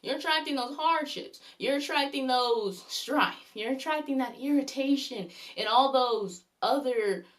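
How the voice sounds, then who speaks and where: A woman with a somewhat high voice talks through a devotional message as a faith vlogger. She is earnest and rambling, repeats her points, and keeps breaking in with praise phrases. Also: a little slow, hardly any pauses. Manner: repeats "glory be unto the Lord" often. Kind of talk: spoken devotional talk.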